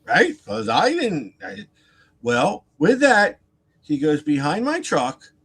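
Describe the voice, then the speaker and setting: Lively man telling a rambling story. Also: on the high side, takes it slowly, breathy edge. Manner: animated and rambling, with repeated words, asides and laughter; acts out other people's lines in a raised voice. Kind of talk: casual storytelling on a live stream.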